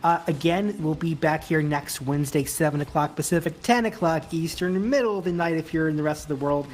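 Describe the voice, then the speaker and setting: A man narrating a tabletop role-playing game as game master, in a slow, reflective way with lingering pauses between phrases. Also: a little high, a little hiss or hum.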